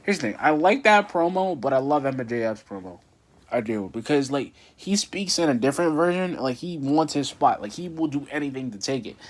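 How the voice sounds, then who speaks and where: A man's voice: medium pitch, animated, a little fast. A young man casually recapping a wrestling show, rambling with many fillers and restarts.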